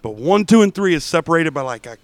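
A man's voice: on the high side, lively intonation, fast talker, dry recording. A tipsy man co-hosting a hockey podcast, cracking crude jokes and teasing. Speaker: podcast co-host. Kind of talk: drunk casual hockey chat.

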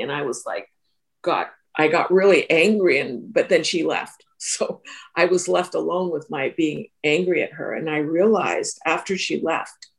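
Her voice sits low and has a creaky quality. She's a Three Principles teacher and therapist recounting a reflective personal story in an interview, speaking earnestly and frequently circling back to repeat or restart what she's saying.

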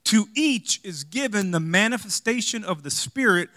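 A man preaches with a bright, forceful, slightly high voice. He swings between emphatic loud lines and hushed, confiding asides, full of rhetorical questions and light jokes. The sound is dry and close. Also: lively intonation, normal speed, dry recording. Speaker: pastor. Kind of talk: sermon.

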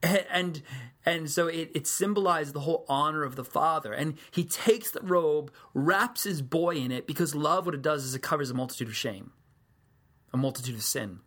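A man's voice: fairly high pitch, normal speed, a bit bright. A man preaching a sermon, telling the story in a casual, conversational way with joking asides.

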